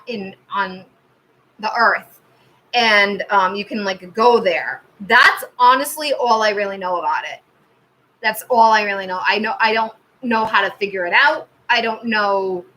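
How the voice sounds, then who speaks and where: A woman in her thirties hosts a live tarot stream and chats casually with her viewers. She has a bright, clear voice that sits at an ordinary middle pitch. She rambles through stories, dropping "like" and "um" as she goes. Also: low-quality recording. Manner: chatty storytelling with many fillers and laughs. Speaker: tarot reader and channel host.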